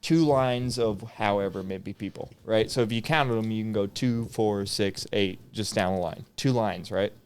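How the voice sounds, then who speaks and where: His voice is fairly low, smooth, and a little mellow, flowing at a normal pace with few pauses. A former Marine in his twenties, he guests on a podcast telling comedic stories and laughing often.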